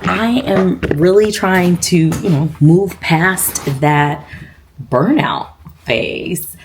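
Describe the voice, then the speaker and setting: A woman's voice: fairly low pitch, very slow, slight background noise. A woman, chatting casually to viewers in a vlog, with lots of fillers. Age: 50s. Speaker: vlogger.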